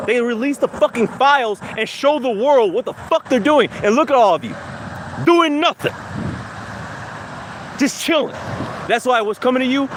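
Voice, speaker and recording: A heated, profane man ranting into his phone as he walks a city street. His voice sits high and he hammers points with repetition. A faint hum of traffic sits under him. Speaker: livestream host. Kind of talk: angry street rant. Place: outdoors, walking down a city street.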